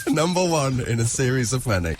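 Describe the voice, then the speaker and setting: Teasing radio host. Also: male voice, medium pitch, sing-song, normal speed, loud music behind the voice. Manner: teasing, dry quips. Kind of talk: casual radio banter.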